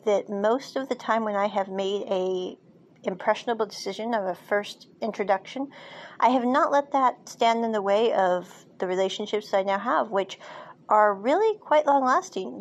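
A woman's voice: medium pitch, moderate pace. A woman podcast host recapping and reviewing a drama in a chatty, casual way, laughing now and then with frequent asides. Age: adult, parent.

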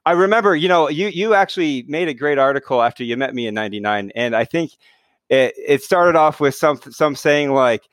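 Halting middle-aged man, dry sound. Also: fairly high pitch, lively intonation, fairly bright tone, no echo. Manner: hesitant, many "you know" fillers and restarts. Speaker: guest, mountain speed record holder. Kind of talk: casual interview conversation.

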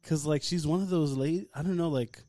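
A man hosts a podcast and tells a story to his friends, loose and profane. His voice is warm and mellow, recorded close and dry. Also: a little high, fairly quick, no echo. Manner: swears often, animated anecdote telling. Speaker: podcast host. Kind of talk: casual chat.

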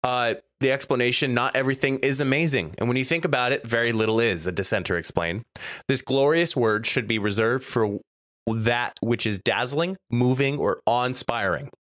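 A man's voice: medium pitch, normal speed, dry recording, clean studio sound. A young man co-hosting a casual podcast, reading list entries aloud and reacting with frequent laughs. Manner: animated, laughs often, reads quotes with mock gravity. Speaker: podcast co-host.

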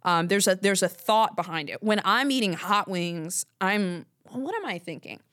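A woman's voice: mid-range voice, animated, normal speed, a bit bright, no echo, studio quality. A woman hosting a podcast, chatting casually and telling a rambling story full of asides. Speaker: podcast host. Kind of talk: casual chat.

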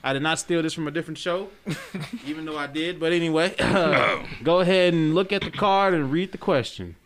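A man's voice: a little high, brisk, fairly bright tone, a little hiss or hum. A man hosting a podcast, running a new segment in a joking, casual way. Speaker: podcast host. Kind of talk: casual chat.

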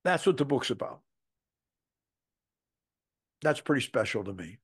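Older man telling animated coaching stories. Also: mid-range voice, a little slow, husky. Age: 70s. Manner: animated storyteller who acts out quotes, salty language. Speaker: football coach. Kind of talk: storytelling podcast guest.

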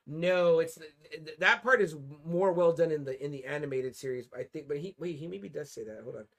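A man co-hosting a casual comics review, reading passages aloud and reacting with animated, profane enthusiasm. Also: a little high, brisk. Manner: animated, swears freely, often says "you know what I mean". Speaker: podcast co-host reviewing comics.

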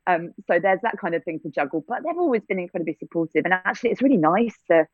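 A woman's voice: on the low side, animated, fast, no echo. A woman from England, an actor, answering interview questions reflectively with frequent restarts. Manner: reflective, many restarts and fillers, light laughs. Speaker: actor and theatre-maker. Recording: dry, phone-like line.

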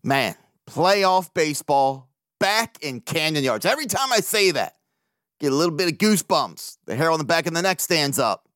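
A man hosting a casual solo podcast, swearing freely, animated and laughing often as he talks. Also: a little high, normal speed, dry recording, clean studio sound. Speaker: podcast host.

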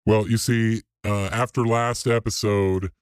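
A podcast co-host voicing himself through a pitch-lowering sound shifter as a deep radio announcer, in slow, exaggerated sultry tones. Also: male voice, fairly even intonation, clean tone, no room sound. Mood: playful. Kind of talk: podcast banter.

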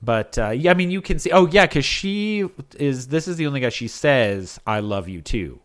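Lively joking man co-hosting a podcast. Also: on the high side, normal speed. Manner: joking, laughs often. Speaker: podcast co-host. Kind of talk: casual chat recapping a reality show.

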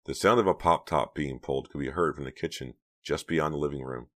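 A man with an extremely deep voice narrates a novel for an audiobook. He reads steadily, in a storytelling way. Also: brisk, a bit bright. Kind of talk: scripted narration.

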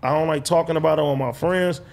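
A man's voice: fairly high pitch, fairly even intonation, fast, creaky, darkish tone. A man telling a long personal story in casual, slang-heavy, swearing chat.

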